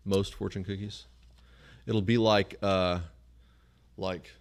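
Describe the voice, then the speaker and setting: A man chatting on a podcast who tells stories with animated, exasperated rants. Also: deep voice, measured pace, pauses often, smooth. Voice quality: animated storyteller, ranting in exasperation. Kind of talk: casual chat.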